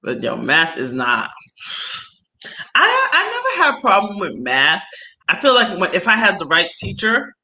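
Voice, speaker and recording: Animated slangy woman chatting on stream. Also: medium pitch, moderate pace, rough recording. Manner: animated storytelling with slang and laughs. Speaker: livestream host chatting with viewers. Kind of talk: casual chat.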